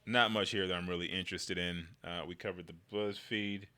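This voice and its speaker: A man's voice: low-pitched, fairly even intonation, brisk, bright, forceful tone, clear, resonant tone. A man giving casual political commentary in a slangy, conversational way, riffing loosely as he goes.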